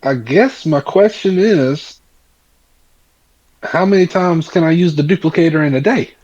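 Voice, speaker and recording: A man playing a tabletop game, asking questions in a slow, careful way. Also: fairly high pitch, darkish tone. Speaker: player. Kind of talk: casual tabletop play. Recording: dull lo-fi mic.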